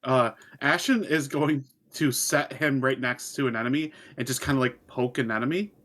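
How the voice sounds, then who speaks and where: A man's voice: medium pitch, normal speed, fairly bright tone. A man player describing his character's actions in casual tabletop game chat.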